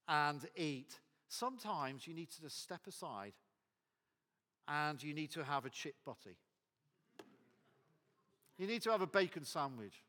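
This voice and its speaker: A man's voice: a little high, fairly bright tone, in a large hall. A man preaching a sermon as pastor, emphatic and repetitive.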